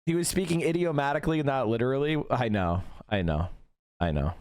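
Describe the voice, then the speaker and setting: A man's voice: mid-range voice, animated, brisk, darkish tone, clean tone, no room sound, studio quality. A young man streaming, ranting emphatically and profanely and answering chat. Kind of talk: casual livestream commentary.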